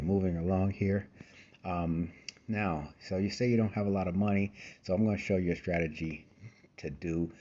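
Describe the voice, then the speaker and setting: Deep, mellow man teaching trading. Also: dull audio. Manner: conversational, repeats himself, frequent fillers and asides. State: tired, yawning. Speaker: trading course host. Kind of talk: casual screen-share tutorial.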